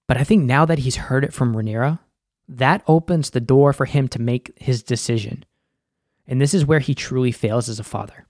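A slightly mellow young man, a film and TV recap host, talks at medium pitch and a moderate pace. He walks through a TV episode in a relaxed, profane style, full of "like" and fillers. The recording is dry and studio quality.

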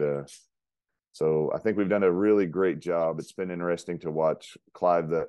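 A man's voice: low voice, darkish tone, dry recording, clean studio sound. A man from the United States, a chiropractor guest on a podcast, telling a story emphatically with frequent fillers. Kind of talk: casual storytelling in a podcast interview.

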